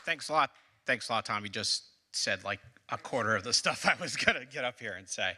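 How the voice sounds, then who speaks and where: A man's voice: mid-range voice, animated, brisk, bright, forceful tone. A man on a school building committee giving an impassioned speech at a public forum, repeating phrases for emphasis. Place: public meeting hall.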